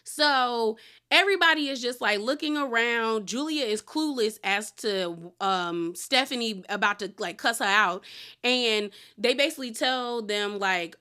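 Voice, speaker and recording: A woman with a somewhat high, bright, crisp voice chats through a reality TV recap. She is opinionated and slangy, and she drops into quick quoted lines from the cast as she goes. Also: animated. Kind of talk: casual chatty episode recap.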